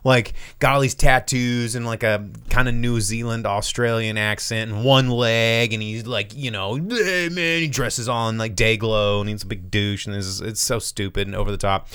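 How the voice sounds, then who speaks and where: A man hosting a casual movie review chat, telling plots with profanity and quick acted-out lines. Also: fairly low pitch, little pitch movement, fairly bright tone, clean tone, dry recording. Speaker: podcast host reviewing movies.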